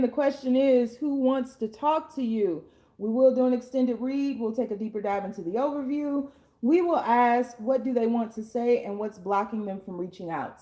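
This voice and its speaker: Hoarse chatty woman reading tarot. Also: fairly high pitch, mellow. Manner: chatty, blunt, swears casually. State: hoarse, losing her voice. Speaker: tarot reader and life coach.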